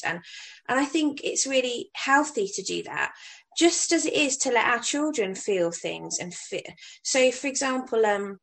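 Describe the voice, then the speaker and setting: Candid woman, higher voice. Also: expressive, unhurried, creaky, rough recording. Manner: open, candid, with restarts. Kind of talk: casual conversation.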